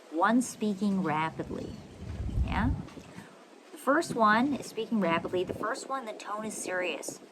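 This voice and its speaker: A woman who hosts a podcast and coaches listeners on communication. She talks in an animated, affectionate way and keeps checking that listeners agree. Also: mid-range voice. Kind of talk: coaching monologue. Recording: noisy recording with ambient and traffic sounds.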